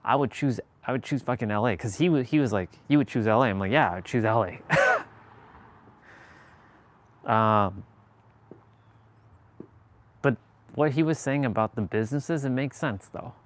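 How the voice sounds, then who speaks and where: A man's voice: medium pitch, expressive, normal speed, pauses often, slight background noise. A man from Southern California hosting a livestream, chatting casually in a rambling way, full of fillers and casual swearing. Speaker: livestream host. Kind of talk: casual chat. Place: indoors, away from the city he talks about.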